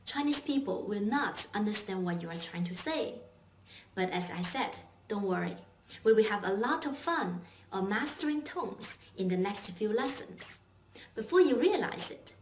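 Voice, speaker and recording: Slow, patient woman teaching a language lesson. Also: fairly high pitch, recorded from a distance. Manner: patient and encouraging, asks questions and praises. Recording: echoey room, voice set back from mic, faint noise.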